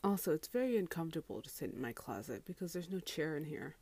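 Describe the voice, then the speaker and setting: A woman's voice: sits low, sing-song, fast, a little mellow, breathy edge. A woman who works as a grocery cashier, ranting casually about customers from inside a closet, exasperated and incredulous and swearing freely.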